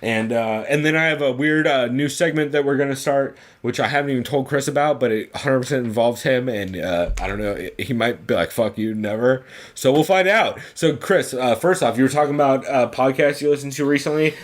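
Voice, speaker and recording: A male podcast co-host in loose, casual chat, swearing freely and wandering through his points with plenty of fillers. His voice sits at an ordinary middle pitch. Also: brisk. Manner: loose, profane, rambling with many fillers.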